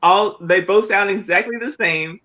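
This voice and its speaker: A man's voice: high voice, normal speed, sharp tone, highs cut off. A man co-hosting a casual chat, laughing often and repeating himself. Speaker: co-host.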